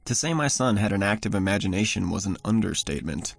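A man narrating a first-person horror story in a measured, somber way. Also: low-pitched, creaky. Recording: voice over soft music.

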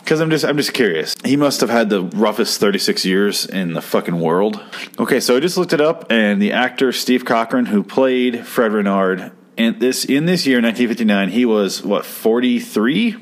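Lower-voiced man, sarcastic rambling podcast host, swears a lot, does the characters' lines himself. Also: lively intonation, normal speed. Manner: sarcastic, rambling, swears freely, acts out quotes. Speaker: podcast host reviewing an old TV episode. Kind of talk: casual profane commentary.

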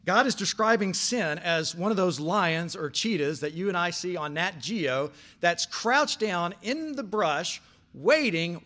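An older man preaching a sermon, telling stories with big swings from quiet asides to shouted lines. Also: on the high side. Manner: animated storytelling, swings from soft asides to shouting. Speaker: pastor.

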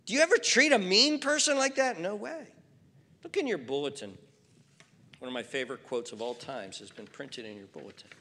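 A male pastor preaching a sermon. He reads scripture and builds emphatically from quiet to fervent. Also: very high voice, moderate pace, big-room sound.

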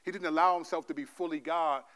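A male pastor preaching a sermon, telling stories animatedly, playing out God's voice in slangy asides and then dropping into a quieter, gentle exhortation. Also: on the high side, fairly even intonation, quick pace. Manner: drops to a soft, quiet delivery for the exhortation.

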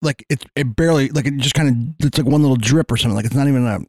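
A man's voice: mid-range voice, very fast, no room sound. A man co-hosting a podcast, telling rambling stories in casual chat and swearing freely. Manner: swearing, rambling animated storyteller. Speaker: podcast co-host.

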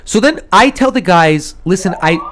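A man hosting a podcast from a studio, his fairly high voice swooping up and down as he tells a story. He talks in an animated, digressive way, with plenty of swearing. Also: moderate pace. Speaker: podcast host. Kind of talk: casual storytelling chat.

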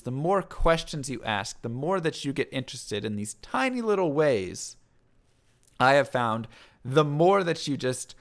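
A man talking in a casual conversation, energetic, often checking in with "right?" and acting out little quoted lines. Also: on the high side.

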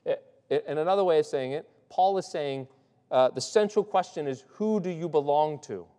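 The recording, with its long hall reverb, captures a male pastor whose voice is fairly high yet dark, clear, and resonant, moving at a normal speed. His sermon is loose and conversational, full of restarts and frequent "right?" check-ins.

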